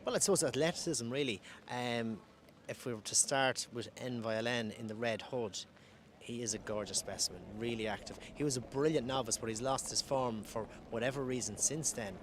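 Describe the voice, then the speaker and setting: Measured ex-jockey explaining horses. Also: male voice, medium pitch, slight background noise. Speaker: former jockey interviewee. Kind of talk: interview. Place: outdoors in a parade ring.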